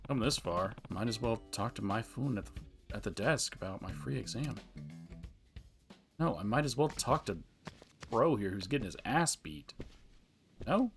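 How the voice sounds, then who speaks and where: A man's voice: medium pitch, expressive, normal speed, long pauses, faint music behind. A man giving casual gameplay commentary with giggly, self-mocking asides. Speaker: video game streamer.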